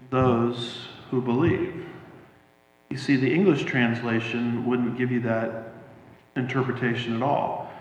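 A man preaching a sermon as a pastor, teaching emphatically and explaining Greek words to a congregation. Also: mid-range voice. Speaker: pastor teaching a Bible study. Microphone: stage microphone with sound problems. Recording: echoey hall through a dull, lo-fi sound system with faint hum.

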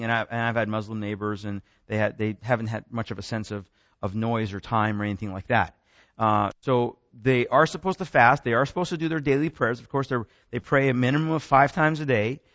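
A man's voice: medium pitch, fairly bright tone, dry recording, highs cut off. Man lecturing with many restarts. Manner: rambling, many restarts and asides. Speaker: speaker.

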